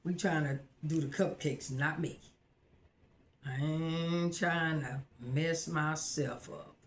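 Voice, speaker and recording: A married woman hosting a casual live cooking video at home, chatting excitedly to her viewers and laughing often. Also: low voice, slow. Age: adult, married. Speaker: host of a home cooking channel. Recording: roomy echo.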